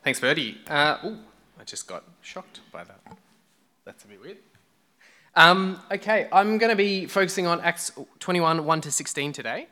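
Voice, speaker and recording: A man's voice: a little high, animated, moderate pace, sharp tone. A man preaching a sermon to a church congregation, chatty and joking with the people in front of him. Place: church hall.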